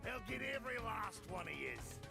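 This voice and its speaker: A gravelly, cursing game character. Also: male voice, high-pitched, big pitch swings, fairly quick, exaggerated voice. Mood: grumbling. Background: game music.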